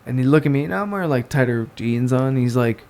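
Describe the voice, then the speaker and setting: Young man, from new york area, casual storytelling, swears, acts out voices, mid-pitched. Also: quick pace. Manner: animated, swearing, acts out voices in his stories. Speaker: podcast guest.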